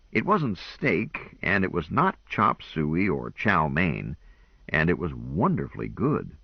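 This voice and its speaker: A man reading an audiobook in a measured, expressive first-person narration, in a dull lo-fi recording. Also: deep voice, vocal fry, no echo.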